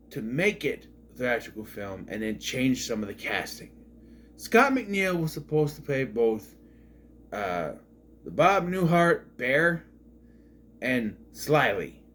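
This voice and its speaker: A man's voice: medium pitch, a bit bright, a little hiss or hum. A man giving a rambling, blunt and sarcastic casual movie review.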